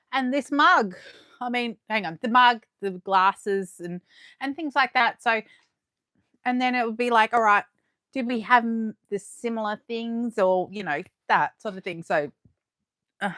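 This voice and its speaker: A young adult Australian woman hosting a live unboxing, chatting warmly and gushing as she reads comments aloud. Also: mid-range voice, smooth, dry recording, clean studio sound. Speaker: livestream host.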